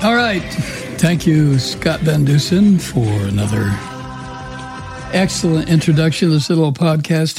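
A man hosting a political talk show, sardonic and rambling with many fillers, with a weak husky voice. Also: a little high, animated, measured pace, darkish tone, faint music behind. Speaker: radio talk show host. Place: home studio in the mountains.

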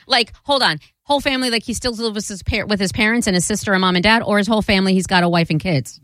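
Animated woman co-hosting radio. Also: mid-range voice, no room sound, studio quality. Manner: animated, questioning, quick reactions. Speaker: radio co-host. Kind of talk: casual sports radio banter.

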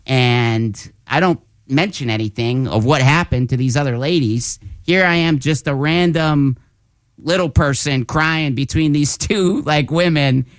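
A man's voice: a little high, measured pace, dry recording, studio quality. A man who is a comedian, telling stories in casual talk-show chat and acting out the quotes with laughs. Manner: animated storyteller acting out quotes, laughs often. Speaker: guest comedian.

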